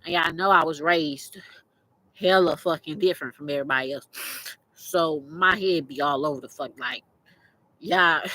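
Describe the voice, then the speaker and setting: This podcast host is a young adult woman whose fairly low voice comes across pushed and bright. Teary-eyed, blunt and profane, she rambles through a casual motivational monologue, restarting many times, captured in a rough recording.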